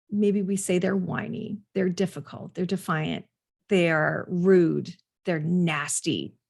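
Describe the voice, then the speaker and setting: A woman's voice: medium pitch, gravelly. A woman parenting coach giving direct advice, speaking earnestly straight to the listener.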